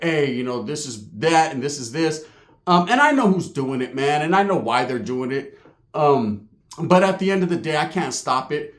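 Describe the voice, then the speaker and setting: A streetwise man, talking straight to his viewers and swearing freely. His voice sits a touch high for a man, with Spanish words dropped in here and there. The room around him echoes noticeably. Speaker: YouTube vlogger. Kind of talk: casual talk to camera.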